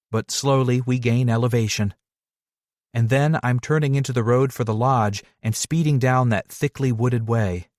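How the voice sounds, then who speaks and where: A man narrating a romance audiobook in the first person, measured and steady. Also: medium pitch, no echo, studio quality.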